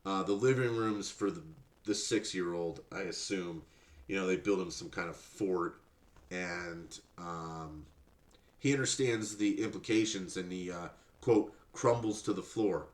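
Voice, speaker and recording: A man's voice: deep voice, measured pace. Guy ranting and swearing on his podcast, mocking tone, echoey room. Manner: sarcastic, profane, mocking. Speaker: podcast host. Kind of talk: ranting commentary.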